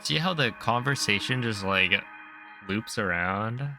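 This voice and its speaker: A man's voice: fairly low pitch, animated, measured pace, sharp tone, soft background music. A man streaming a video game, chatting casually and joking back and forth with his chat at a desk mic. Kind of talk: casual chat while gaming.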